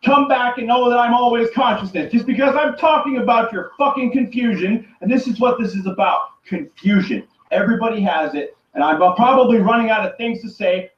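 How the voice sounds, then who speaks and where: High-voiced man ranting in an echoey room. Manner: profane, rambling and repetitive, often shouting. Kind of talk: angry solo rant to camera. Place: room by a running turtle tank. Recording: echoey, distant, dull lo-fi. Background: running water.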